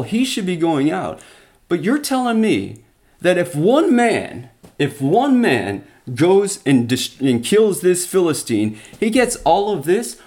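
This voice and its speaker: A man with a slightly higher voice is teaching from the Bible. He tells the story in an animated way, breaking off and restarting as he goes, and talks straight to his listeners. Now and then his voice climbs when he gets worked up. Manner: animated retelling with frequent restarts and asides. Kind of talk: sermon.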